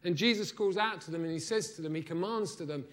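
A man preaching a sermon, telling a Bible story with lively, acted-out lines and asides to the congregation. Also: on the high side, quick pace. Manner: animated storytelling, acts out the disciples' lines.

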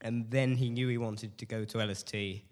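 In a large hall, a young man in his late teens who has a cold shares his testimony with a church group. He speaks at normal speed in a low, steady voice, but sounds nervous and hesitant, putting himself down and filling pauses constantly.

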